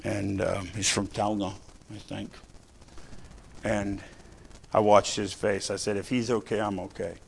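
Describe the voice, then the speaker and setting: A middle-aged man preaching a sermon, telling a story from his own life and slowing down to stress key lines. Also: lowish voice, flat delivery, gravelly, slight background noise. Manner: storytelling, varies loudness, slows for emphasis.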